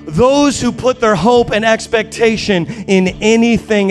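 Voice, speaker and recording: A man preaching a sermon as pastor, building to shouted, rising emphasis. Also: sits high, measured pace, few pauses, soft background music.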